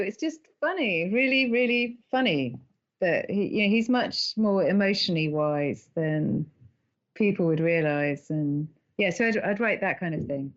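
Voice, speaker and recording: Animated woman telling stories. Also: on the low side, moderate pace. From England. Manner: animated storyteller, laughs often. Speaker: podcast guest. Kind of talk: conversational interview.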